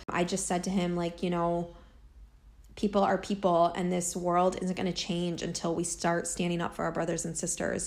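A woman vlogger telling a personal story in a casual, earnest way, full of fillers and asides. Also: fairly low pitch. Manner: earnest, chatty, many fillers like "like" and "you know".

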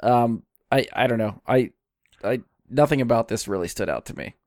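A mid-pitched man hosts a casual movie review chat, steering the talk and giving blunt verdicts. His voice sounds dry and close to the mic. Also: moderate pace, a little mellow, no echo. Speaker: podcast host.

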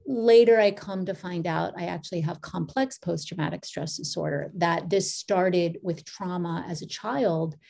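A middle-aged woman, a podcast guest, telling her story in a meandering, casual way with restarts and lively quoted asides. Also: fairly low pitch, normal speed, vocal fry, hardly any pauses.

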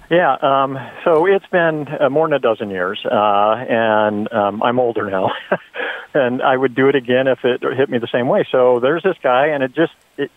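A man's voice: medium pitch, dry recording. A middle-aged man calling in to a talk show, telling a story earnestly with many ums and uhs. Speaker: caller. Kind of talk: phone-in story. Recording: tinny phone line.

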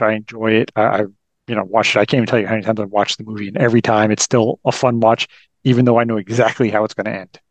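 Hesitant man with an average-pitched voice. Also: a little mellow, no room sound. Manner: hesitant, halting, repeats words. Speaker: podcast co-host. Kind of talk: casual movie review chat.

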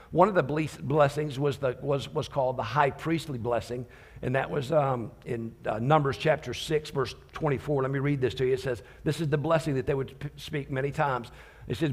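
A man's voice: mid-range voice, husky. Man preaching in a conversational way. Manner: conversational, teasing, with frequent restarts. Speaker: visiting pastor. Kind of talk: sermon.

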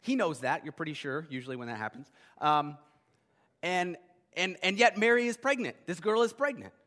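A man preaching a sermon as pastor, conversational and animated, with many restarts. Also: fairly high pitch, normal speed. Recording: long hall reverb.

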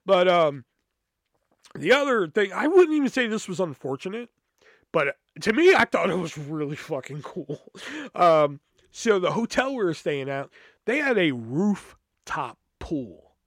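A man's voice: high-pitched, very animated, unhurried, fairly bright tone, no echo, clean studio sound. A young man hosting a podcast, telling a rambling, swear-filled story with lots of fillers. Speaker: podcast host. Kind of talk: casual comic storytelling.

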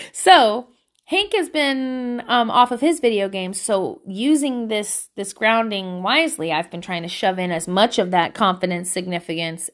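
A woman, a mother, talks straight to her viewers about raising kids. Her voice sits a little high and bright, and she is loose and candid, breaking into laughter and dropping the odd swear word. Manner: chatty and candid, laughs often, swears casually. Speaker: parent sharing advice. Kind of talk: casual parenting vlog monologue.

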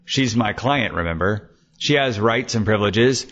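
A man's voice: fairly low pitch, fairly bright tone. A man reading the part of a wisecracking, defiant private detective with a sardonic manner. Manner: sardonic, quick-witted. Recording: dull lo-fi recording.

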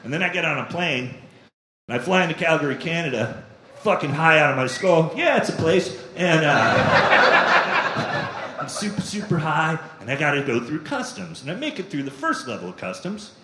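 A man's voice: on the high side, big pitch swings, moderate pace. A man performing a stand-up routine, telling profane, self-deprecating stories on a comedy club stage. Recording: echoey live club recording with noise.

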